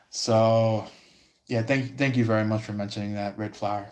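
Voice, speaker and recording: A man giving a casual livestream tarot reading, rambling with many pauses and fillers. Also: on the low side, level tone. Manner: rambling, lots of fillers and restarts.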